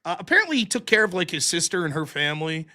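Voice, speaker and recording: A man hosting a podcast in casual chat, reading viewer messages and joking around. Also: a little high. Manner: animated, joking, quick to laugh. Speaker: podcast host reading super chats.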